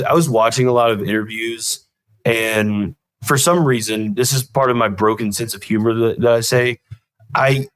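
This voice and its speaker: A man's voice: on the low side, a bit bright, no echo, poor audio. A man, a guest telling rambling, self-deprecating stories in an interview. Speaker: guest comedian and show creator. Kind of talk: casual interview storytelling.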